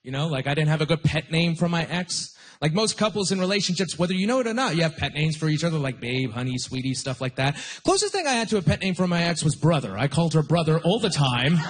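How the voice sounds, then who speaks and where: A man's voice: fairly high pitch, animated, fast talker, few pauses. A young man doing a stand-up comedy set, talking in a conversational, self-deprecating way with punchy timing, on a club stage into a handheld mic.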